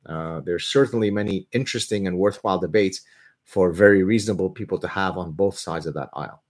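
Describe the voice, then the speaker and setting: Deep-voiced guy doing a livestream q&a, opinionated, cracks jokes as he goes. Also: a little fast. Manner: animated, opinionated, jokey asides. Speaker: host answering viewer questions. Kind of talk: live-stream Q&A chat.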